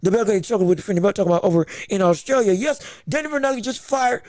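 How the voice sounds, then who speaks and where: A man with a high, expressive, somewhat dark voice talks fast as he hosts a boxing podcast on a livestream. His sports commentary is emphatic, and he repeats points when he gets heated. The recording is dry with a clean studio sound.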